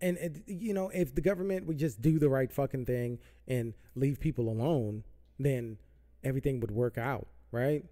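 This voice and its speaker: A man's voice: mid-range voice, normal speed, mellow. A man hosting a podcast, ranting heatedly about politics with lots of profanity and repetition. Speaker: podcast host. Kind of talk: political rant. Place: Southern California.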